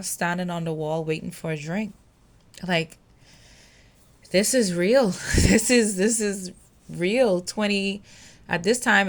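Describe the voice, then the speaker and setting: A young woman host telling a personal story on her podcast, emotional and halting, with many fillers. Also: lowish voice, fairly bright tone.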